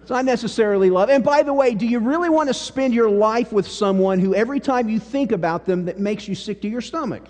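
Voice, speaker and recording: Folksy pastor preaching in a hall. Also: male voice, sits high, brisk, hardly any pauses. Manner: folksy storytelling, drops to a hush for serious parts. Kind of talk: sermon. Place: church sanctuary. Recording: church hall reverb.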